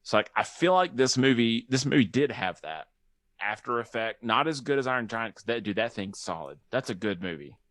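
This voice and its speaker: A young adult man chatting casually as a podcast guest, animated and joking. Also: mid-range voice, brisk, dry recording, studio quality. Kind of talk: casual chat.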